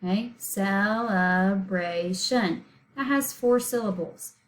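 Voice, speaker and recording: A woman's voice: a little high, animated, moderate pace, rough recording. A woman teaching a recorded spelling lesson, patiently sounding out words letter by letter and syllable by syllable.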